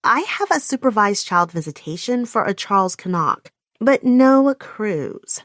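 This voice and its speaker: A woman's voice: mid-range voice, lively intonation, measured pace, fairly bright tone, dry recording, studio quality. A woman voicing a bored, officious female receptionist in an audiobook, curt and clipped. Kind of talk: audiobook character voice.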